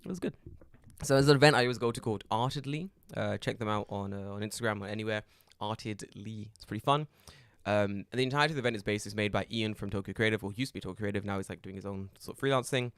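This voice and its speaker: A man's voice: lowish voice, fast, clean tone, dry recording, studio quality. A man co-hosting a casual podcast, telling stories with lots of energy, swearing and laughing often. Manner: animated storyteller, swears, laughs a lot. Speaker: podcast co-host. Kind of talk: casual chat.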